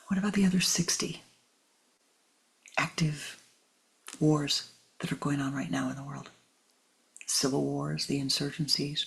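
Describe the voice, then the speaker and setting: A spiritual teacher giving a meditative teaching. The teacher speaks slowly and deliberately, repeats phrases for emphasis and often sinks into a breathy near-whisper. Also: medium pitch, flat delivery. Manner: addresses listeners tenderly as "my beloved".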